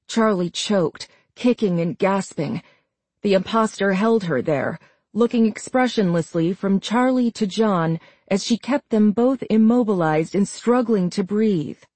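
A woman reading a suspenseful story aloud in a measured, tense storytelling manner. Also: medium pitch, darkish tone, no room sound. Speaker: narrator. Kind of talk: scripted audiobook narration.

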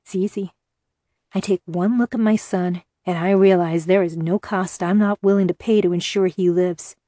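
A woman reading the lines of a grim, pragmatic male captor who talks in a steady, matter-of-fact way. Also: lowish voice, normal speed, dry recording, studio quality, lightly acted.

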